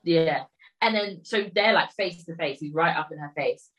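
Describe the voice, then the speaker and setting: Casual woman, lowish voice, rambling recap full of quoted lines. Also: moderate pace, fairly bright tone, low-quality recording. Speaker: storyteller recapping a film. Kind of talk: casual chat.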